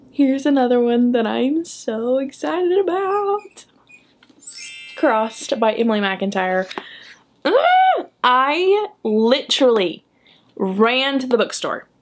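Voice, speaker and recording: A young woman chatting enthusiastically in a book vlog, often tagging her remarks with a quick "okay?". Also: on the high side. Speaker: book vlogger. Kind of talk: casual chat.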